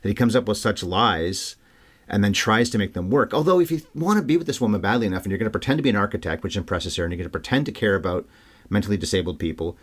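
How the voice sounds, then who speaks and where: A man with a lowish voice talks quickly, co-hosting a casual film podcast. His delivery is chatty and animated, running from one scene to the next. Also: breathy edge. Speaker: podcast co-host. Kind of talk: casual film-review chat.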